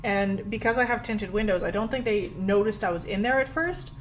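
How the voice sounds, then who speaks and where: A woman's voice: medium pitch, a little fast, low-quality recording. A young woman from Canada chatting casually while doing her makeup at home, self-deprecating and full of "like". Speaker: beauty vlogger. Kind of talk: casual get-ready-with-me chat. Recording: faint background music. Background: soft background music.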